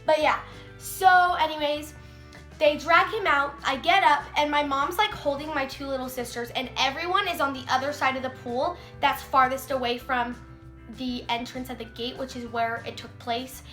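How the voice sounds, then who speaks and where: A woman's voice: sits high, fairly even intonation, moderate pace, sharp tone. A teenage girl vlogging a story in a chatty way, full of "like", acting out quotes. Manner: chatty, heavy use of "like", acts out quotes. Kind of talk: casual storytime vlog. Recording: echoey room, faint music.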